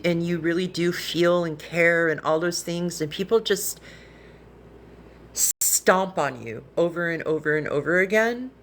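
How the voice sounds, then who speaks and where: A woman speaks into her phone on a live stream, her voice sitting a little low. She is earnest and heartfelt, often restarting her sentences and sounding close to tears. A faint hum of the room sits behind her. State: tearful, emotional. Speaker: livestreamer. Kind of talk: emotional live-stream monologue.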